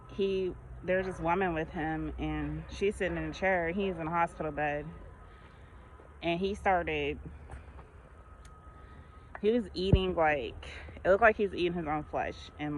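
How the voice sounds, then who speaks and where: A woman's voice: deep voice, a little hiss or hum, low-quality recording. Laughing woman walking outdoors. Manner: rambling storyteller, laughs often. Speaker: vlogger. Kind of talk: casual chat.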